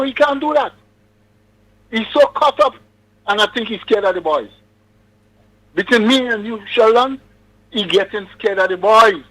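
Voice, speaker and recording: A man's voice: very high voice, fairly bright tone, poor audio. A man calling in to a radio show, talking in an emphatic, preachy way. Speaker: caller. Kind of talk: casual call-in chat.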